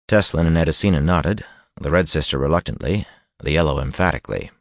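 Low-voiced man narrating a fantasy audiobook. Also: expressive, a little fast, gravelly, no room sound, studio quality. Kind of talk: scripted narration.

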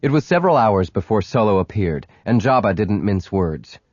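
A man reading a story aloud in scripted narration, steady, with quiet, clipped lines for the hero. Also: on the low side, moderate pace, no echo. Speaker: audiobook narrator. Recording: dry, dull lo-fi audiobook recording.

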